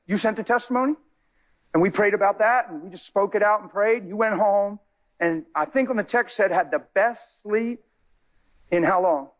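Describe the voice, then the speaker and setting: A male preacher telling a story in a sermon, excitable, jumping between loud high bursts and low quiet asides. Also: muffled recording. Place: church.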